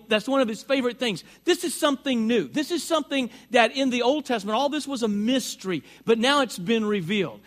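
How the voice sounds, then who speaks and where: A man's voice: very high-pitched, a bit bright. A man preaching a sermon to his church in a conversational way, often repeating words and lifting his voice for emphasis as he walks around with a mic. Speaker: pastor. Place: church sanctuary.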